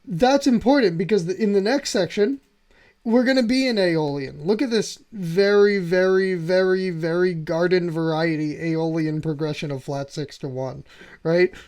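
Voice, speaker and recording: A man's voice: sits high, moderate pace, a little mellow. A man hosting a piano channel, walking through music theory with enthusiasm and often checking in with "right?". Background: faint piano playing.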